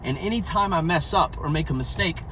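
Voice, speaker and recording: A man's voice: on the high side, brisk, a bit bright, slight background noise, rough recording. Blunt, profane young man rambling outdoors. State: out of breath. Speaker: vlogger. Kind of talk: casual monologue to camera.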